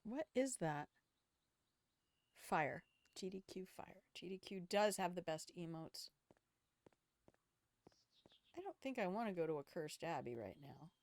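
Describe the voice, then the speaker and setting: A woman's voice: on the low side, very animated, a little slow, long pauses, a little mellow, no echo. An older woman streaming a video game, chatting casually, thinking aloud and swearing freely. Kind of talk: casual gaming commentary.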